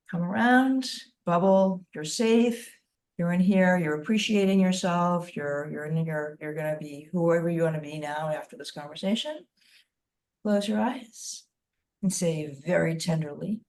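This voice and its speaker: A woman's voice: low voice, a little mellow. A woman leading a group writing webinar over a video call, emphatic and encouraging, often repeating phrases. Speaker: workshop leader.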